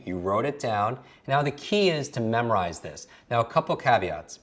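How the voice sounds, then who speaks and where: A man's voice: fairly low pitch, a bit bright. A man teaching a recorded memory lesson as a coach, drilling letter sounds aloud and asking the listener to say them along with him.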